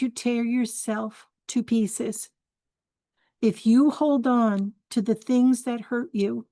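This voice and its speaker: Slow, warm-voiced older woman telling stories. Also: fairly high pitch, no echo. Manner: chatty and candid, laughs often, gives life advice. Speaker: spiritual forum host. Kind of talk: storytelling talk.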